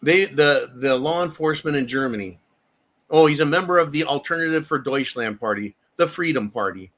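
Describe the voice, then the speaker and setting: A man's voice: on the high side, a little fast, fairly bright tone. Fiery, profane male commentator. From United States. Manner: angry, profane ranting with repeated phrases. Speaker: political commentary host. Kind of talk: heated political commentary.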